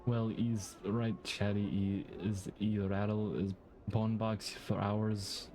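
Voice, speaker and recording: A grimy, chatty rat-meat peddler with a put-on Scottish accent, as a man reads him out from a game. The voice sits low and mellow, and the lines come out slow and drawn out. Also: level tone, slight background noise. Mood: hawking. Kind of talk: reading game dialogue aloud.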